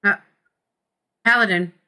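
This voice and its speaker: Bright-voiced woman streaming a game. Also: mid-range voice, slow pace, clean tone. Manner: chatty, reads game text aloud. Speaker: gaming streamer. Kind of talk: casual game playthrough, reading aloud.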